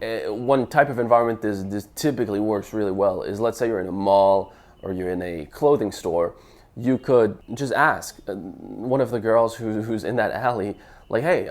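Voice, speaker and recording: Young man giving lively dating advice. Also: lowish voice, a little slow. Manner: lively, stammers and restarts, acts out sample lines. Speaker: dating coach. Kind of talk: casual advice talk to camera.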